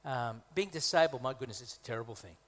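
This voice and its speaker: The reverberant church hall echoes with a guest preacher from Malta, whose mid-range voice is expressive and quick. He delivers his sermon conversationally, adding humorous asides and repeating points for emphasis.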